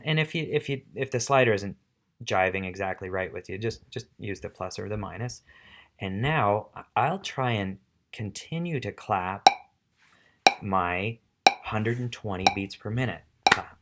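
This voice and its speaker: A man's voice: lowish voice, animated, unhurried, a bit bright, slight background noise. A middle-aged man teaching music, patiently explaining step by step and counting rhythms aloud. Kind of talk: casual instructional demo.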